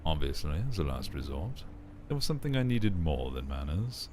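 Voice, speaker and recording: A man doing a deep haughty vampire. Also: sing-song, moderate pace, background noise. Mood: aloof.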